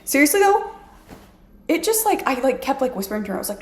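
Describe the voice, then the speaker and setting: A woman chats to camera from her apartment, her voice gravelly with vocal fry. She rambles through a story in a self-mocking way, filling it with "like". The room around her is echoey. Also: medium pitch, very animated, fast talker, a little hiss or hum. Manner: chatty, self-mocking, heavy use of "like". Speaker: vlogger.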